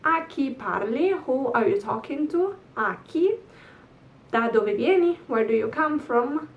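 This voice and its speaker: A woman teaching a language lesson, repeating each example slowly and carefully. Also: high-pitched, expressive, distant mic, highs cut off. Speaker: Italian teacher.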